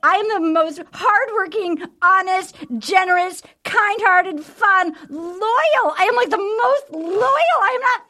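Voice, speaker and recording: A woman's voice: extremely high pitch, slow, hardly any pauses, sharp tone, voice pushed up, exaggerated voice. A woman acting out a tearful, indignant young woman ranting in a melodramatic, whiny way. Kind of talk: dramatic read-out of quotes.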